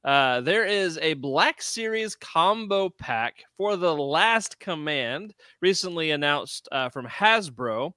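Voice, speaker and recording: A man co-hosting a podcast with a bright, forward voice that sits a little higher than most men's. He chats in a relaxed way, laughs often and trails off mid-thought, and the sound is dry and close. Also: takes it slowly, hardly any pauses, clear, resonant tone, no room sound. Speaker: podcast co-host. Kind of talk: casual chat.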